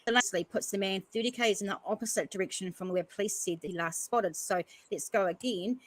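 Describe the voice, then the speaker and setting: A woman's voice: medium pitch, a little fast, poor audio. Earnest New woman reading news. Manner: earnest, stops often to comment between passages. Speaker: podcast host. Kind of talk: reading news articles aloud with commentary.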